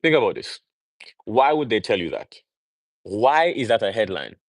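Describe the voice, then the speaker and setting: A man's voice: lowish voice, sing-song, normal speed, no room sound, rough recording. A young man from Jamaica talking on a livestream, preaching in an emphatic way and firing off rhetorical questions. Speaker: livestream host. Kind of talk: casual livestream monologue.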